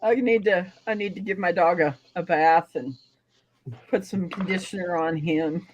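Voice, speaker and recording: A woman's voice: lowish voice, steady tone, moderate pace, slight background noise, rough recording. A woman chatting casually on a home livestream, rambling and repeating herself as she talks about her family and her dog. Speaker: livestream co-host.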